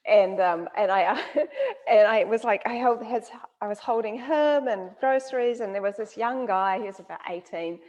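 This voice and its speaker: A woman with a New Zealand accent hosting an interview, telling lively stories and laughing often. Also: medium pitch, normal speed, lo-fi sound. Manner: animated storyteller, laughs often. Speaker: interview host. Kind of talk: casual conversational interview.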